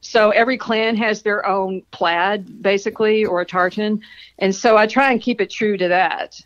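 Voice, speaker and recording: Woman author guest, mid pitch, chatty and friendly, laughs easily. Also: steady tone, normal speed, dull audio. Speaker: romance novelist guest. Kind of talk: casual interview answers.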